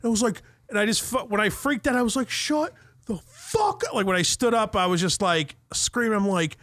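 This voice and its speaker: A man spins a profane, animated story on a podcast. His voice sits high, and the sound is dry and close. He swears constantly and acts out every quoted line. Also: fairly quick, no room sound. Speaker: podcast co-host. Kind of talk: casual storytelling chat.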